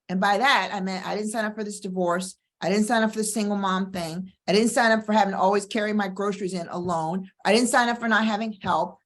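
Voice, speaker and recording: Middle-aged woman, divorce coach host, lower register, emphatic motivational delivery. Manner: emphatic, preacher-like cadence with slow stressed phrases. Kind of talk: motivational monologue and personal story.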